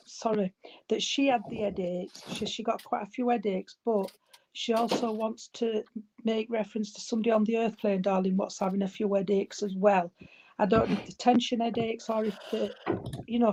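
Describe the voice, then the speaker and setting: Give me a woman medium at a service, halting and affectionate, recorded with heavy background noise. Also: on the high side. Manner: relays messages, often calling the listener darling or sweetheart; halting, with many fillers and restarts. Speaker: spiritualist medium. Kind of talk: mediumship reading at a church service. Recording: loud background noise with clicks.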